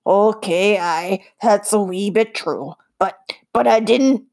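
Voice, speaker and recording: A woman voicing a scrappy, sharp-toothed male goblin thief who talks in a rough, folksy dialect. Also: medium pitch, slow. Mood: defensive.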